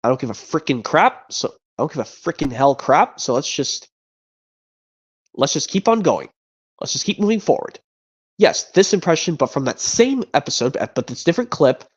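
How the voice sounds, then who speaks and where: A streamer chatting casually between voice impressions, rambling and excitable, with some mild cursing. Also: medium pitch, moderate pace, slightly rough, muffled recording.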